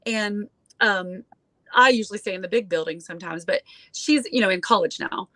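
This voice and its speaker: A woman's voice: medium pitch, moderate pace, bright, forceful tone, no echo. A woman in her forties telling a story as a guest in casual chat, full of fillers and acting out the voices of others. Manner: chatty, acts out quoted voices, many fillers.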